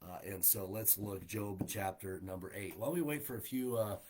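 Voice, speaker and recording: A man's voice: lowish voice, normal speed, darkish tone. A man leading a livestreamed Bible study as pastor, in a folksy way, with many fillers, putting scripture into plain, everyday speech. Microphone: livestream setup.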